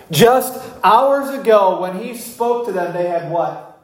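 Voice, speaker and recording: Slow, emphatic preacher in an echoey room. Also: mid-range voice, animated, a little hiss or hum. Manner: slow and emphatic, asks the congregation rhetorical questions. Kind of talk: expository sermon.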